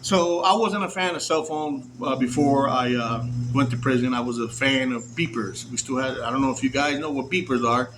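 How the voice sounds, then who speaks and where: A man casually telling a story, animated and profane, acting out the voices of the people in it. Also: mid-range voice, moderate pace, few pauses, noisy background. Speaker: storyteller recounting prison release.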